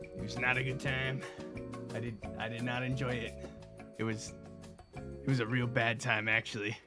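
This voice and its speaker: A young man in the middle of his vocal range rants through a storytime, swearing freely and acting out both sides of a conversation. He's just getting over a cold and still clears his throat. Faint music plays underneath. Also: medium pitch, normal speed. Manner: profane, joking, animated retelling with quoted dialogue. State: recovering from a cold, coughing. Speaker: host. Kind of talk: casual storytime rant.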